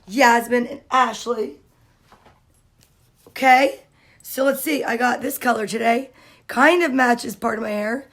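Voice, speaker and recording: A woman hosting a casual livestream, greeting viewers by name and chatting in a cheerful, drawn-out way. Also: a little high, fairly bright tone. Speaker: livestream host.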